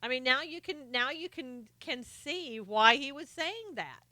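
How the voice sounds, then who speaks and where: A woman's voice: sits high, lively intonation, measured pace, sharp tone, no echo. A middle-aged woman hosting a live stream, chatting casually and sarcastically about politics while greeting viewers by name.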